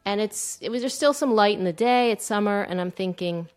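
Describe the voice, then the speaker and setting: A woman in her thirties telling a personal story, animated and breathless, acting out the lines she quotes. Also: mid-range voice, normal speed, hardly any pauses.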